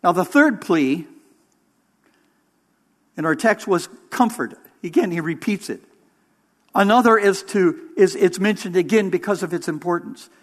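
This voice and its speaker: A male interim pastor delivering a sermon with a high-pitched voice. He takes his time, speaking slowly and pausing often. His delivery is measured and emphatic, leaning hard on key words. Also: lively intonation. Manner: emphatic, measured preaching with pauses.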